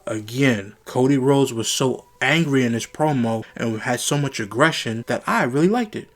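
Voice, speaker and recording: A man hosting his own show, casually recapping a wrestling broadcast in a rambling style, retelling the dialogue and lifting his voice when excited. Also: moderate pace, hardly any pauses. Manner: animated, rises in pitch when excited.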